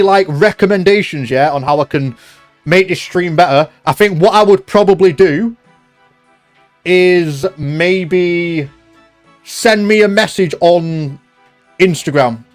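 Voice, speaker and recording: A man's voice: high voice, animated, measured pace, faint music behind. A young man live-streaming from home, chatting loosely and reading out viewer comments. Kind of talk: casual live-stream chat.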